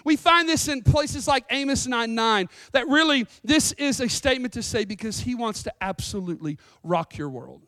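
A woman pastor preaching a sermon, earnest and emphatic, slowing down to stress lines of scripture. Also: on the high side, lively intonation, fairly bright tone, no room sound, studio quality. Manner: earnest, emphatic, with scripture readings and dramatic slowdowns.

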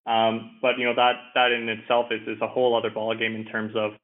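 A man's voice: fairly low pitch, monotone, a little fast. Canadian man on a tinny line. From Ottawa, Canada. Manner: easygoing, many fillers and repeated words. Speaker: podcast guest, energy professional. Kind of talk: casual interview conversation.

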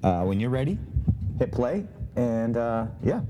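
A man's voice: mid-range voice, big pitch swings, a little slow, music in the background. A man hosting a casual chat, playfully directing the others like an emcee. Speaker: host.

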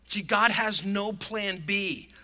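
A man's voice: sits high, slow, pushed and bright. A male pastor delivering a sermon in an emphatic, conversational preaching manner.

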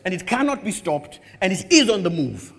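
A male preacher with a fairly high voice that leaps up and down. He tells a story with humor, acting out bits of dialogue as he preaches. His voice rings out with a long reverb in a church hall. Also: normal speed, vocal fry. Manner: animated storyteller who acts out dialogue with humor. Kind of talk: sermon.

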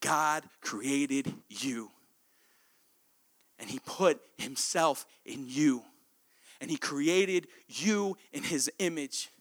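A man preaching a sermon, telling a story in an animated way that sometimes drops to hushed, intimate tones. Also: high-pitched.

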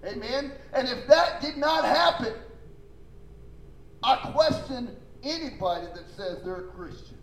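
High-voiced preaching pastor, man. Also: animated, measured pace, gravelly, fairly bright tone, reverberant, poor audio. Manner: emphatic preaching with call-and-response; folksy, informal phrasing. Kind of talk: sermon.

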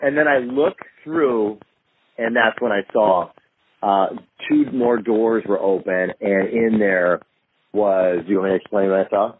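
A man calling in as a guest, telling a story with animated energy and acting out what other people said. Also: fairly low pitch, a little slow. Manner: animated, acts out other people's lines in a raised voice. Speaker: guest filmmaker. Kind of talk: storytelling in a phone-in interview. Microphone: phone call. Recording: tinny phone line with faint hiss.

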